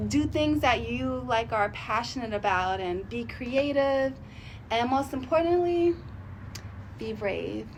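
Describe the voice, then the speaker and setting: A woman vlogging in a chatty, rambling way, thinking out loud about her goals and sharing that she is emotional and sensitive. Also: on the high side, lively intonation, slow, a little hiss or hum. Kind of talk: casual motivational vlog talk.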